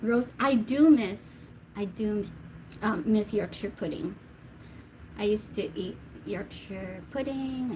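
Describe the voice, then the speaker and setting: Woman, fairly high voice, casual livestream chat, giggly, reads comments out, faint background hiss. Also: expressive, slow pace, fairly bright tone, rough recording. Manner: chatty, reads viewer comments aloud and laughs often. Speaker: tarot reader hosting a live Q&A.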